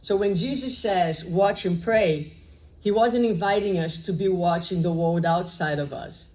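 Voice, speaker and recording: A woman with a lowish, darkish voice gives a public spiritual lecture at an unhurried pace, roughly recorded. Her style is conversational, full of rhetorical questions and tagged "right?", and she acts out short dialogues in her story.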